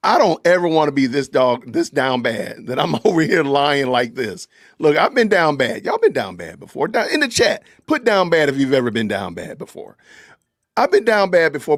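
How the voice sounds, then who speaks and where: A podcast host reacts to clips on a live stream, laughing, incredulous, and exclamatory. His voice is medium-pitched, and the recording is dry and studio quality.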